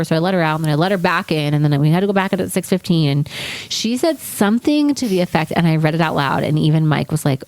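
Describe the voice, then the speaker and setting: A woman's voice: deep voice, animated, quick pace, a little mellow, no echo. A young woman co-hosting a podcast, chatting casually and acting out quotes as she tells a story, swearing freely. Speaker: podcast co-host. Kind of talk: casual chat.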